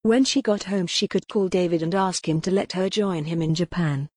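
A woman narrating a gothic novel in a steady, measured audiobook reading. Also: fairly low pitch, slightly rough, dry recording, clean studio sound.

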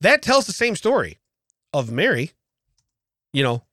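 Guy co-hosting a podcast, kinda high voice, super lively storytelling, laughs a lot, dry studio sound. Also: unhurried, no echo. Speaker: podcast co-host. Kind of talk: casual chat.

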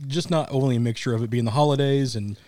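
A man's voice: medium pitch, fast, dark tone, no room sound. Man with a practiced broadcast voice. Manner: chatty, rambling, laughs easily. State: still getting over an illness. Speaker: podcast host. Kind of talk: casual podcast chat. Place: members lounge of a cigar shop.

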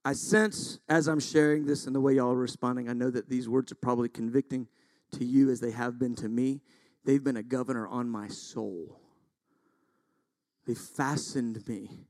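A man's voice: mid-range voice, no room sound. Intense, emphatic man preaching a sermon. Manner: intense, builds to loud emphatic peaks; self-deprecating asides. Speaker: pastor.

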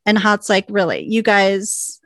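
Chatty woman podcaster, fry in her voice, dry close sound; recaps scenes with lots of "like"s. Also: mid-range voice, unhurried, fairly bright tone, no room sound. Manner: chatty, lots of likes and ums. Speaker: podcast co-host. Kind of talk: casual episode recap.

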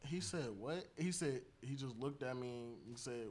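A man's voice: medium pitch, normal speed, a little mellow. A young man co-hosting a casual chat, telling slangy stories and laughing often. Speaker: podcast co-host.

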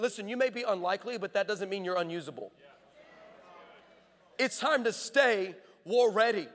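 A male pastor preaching a sermon, telling a story and building to shouted, emphatic preaching. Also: sits high, moderate pace, pauses often. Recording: long hall reverb.

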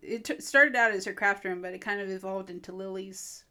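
A woman co-hosting a podcast in casual, easygoing conversation. She rambles along with lots of fillers and restarts, in a mid-pitched voice. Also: steady tone, fairly quick, crowd noise. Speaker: podcast co-host. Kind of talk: casual chat.

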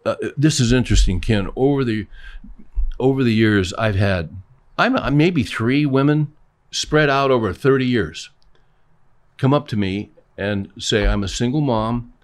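A man's voice: medium pitch, a little slow. An older man talking casually as a pastor and co-host, telling stories and acting out both sides of conversations. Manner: storytelling, acts out both sides of dialogues.

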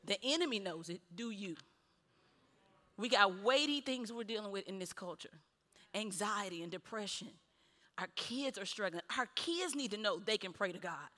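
Bright-voiced woman preaching in a hall. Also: medium pitch, moderate pace. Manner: animated, repetitive punchy refrains, laughs between lines. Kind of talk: sermon. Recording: long hall reverb.

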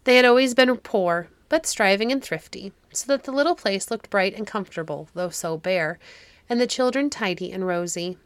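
A woman narrating a classic fairy-tale audiobook in a measured storytelling manner. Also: medium pitch, animated, clean tone, dry recording.

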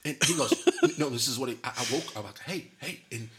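A man's voice: mid-range voice, quick pace, a crowd in the background. A man hosting a podcast in casual chat, rambling off on tangents and laughing often. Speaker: podcast host.

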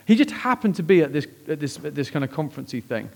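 Man, pastor, sermon, conversational storytelling, slightly high voice. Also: fast talker, vocal fry. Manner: lively personal storytelling, conversational.

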